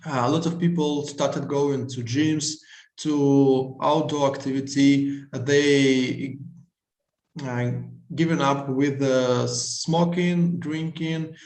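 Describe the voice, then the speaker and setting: A man from Russia, a native Russian speaker, answering students in slow, halting English over a video call. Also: mid-range voice, fairly even intonation, a little mellow, echoey room, rough recording. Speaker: guest speaker. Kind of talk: school video-call talk.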